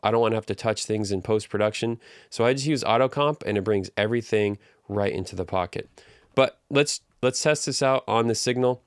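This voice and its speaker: A man teaching an audio engineering tutorial in a relaxed, conversational way, walking through each step. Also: on the low side, brisk, clear, resonant tone, dry recording, clean studio sound. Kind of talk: casual tutorial explanation. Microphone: studio microphone through live compression.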